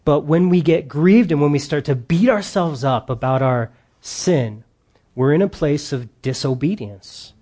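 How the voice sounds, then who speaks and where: A man's voice: on the high side, unhurried, warm tone. A man preaching a sermon to his congregation, earnest and emphatic, with the odd joking aside. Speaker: pastor.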